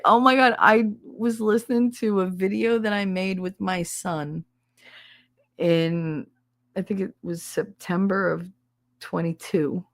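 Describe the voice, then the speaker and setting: A woman's voice: mid-range voice, no echo, studio quality. A middle-aged woman with a New Jersey accent, hosting a casual livestream chat, blunt and abrasive and cursing freely. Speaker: livestream host.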